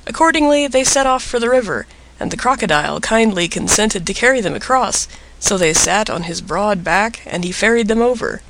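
Expressive man reading a storybook. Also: high voice, a little fast, creaky, a little hiss or hum, rough recording. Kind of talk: storybook narration.

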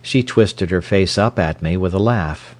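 A man narrating an audiobook in a slow, measured, expressive manner. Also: low voice.

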